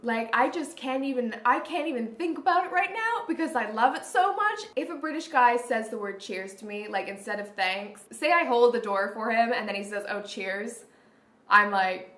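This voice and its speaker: A woman's voice: fairly high pitch, animated, brisk, few pauses, bright, forceful tone. A woman vlogging in a chatty, gushing way, full of "like". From Canada. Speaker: beauty vlogger. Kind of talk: casual vlog chat. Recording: roomy echoey room.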